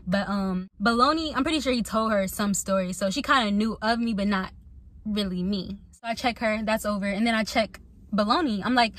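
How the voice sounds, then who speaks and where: Young woman, bright tense voice, slightly high, casual storytime, animated delivery. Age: young adult. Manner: animated, acts out quotes, laughs often. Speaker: YouTuber telling a storytime.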